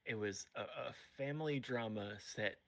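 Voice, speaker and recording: A man with a gravelly, mid-pitched voice chats as a guest on a livestream. He is easygoing and laughs often, and he slips in dry sarcasm. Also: moderate pace, a bit bright. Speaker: guest, voice actor. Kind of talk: casual livestream chat.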